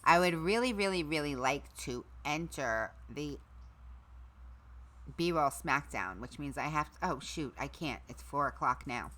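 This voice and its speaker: A middle-aged woman hosting a casual livestream, chatting to her viewers, her equipment and her dogs, her voice going hoarse. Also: low-pitched, animated, a little slow, a bit bright. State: losing her voice. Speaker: livestream host.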